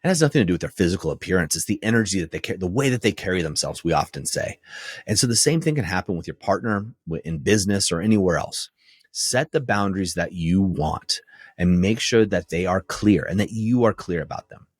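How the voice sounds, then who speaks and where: A low, husky man coaching his listeners straight into the mic. His tone is direct and firm, and his pitch moves around a lot as he makes his points. The recording is dry and close, with no room sound. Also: expressive, brisk, no echo. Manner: direct and firm, often checks in with "right?". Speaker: podcast host and men's relationship coach. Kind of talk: coaching monologue.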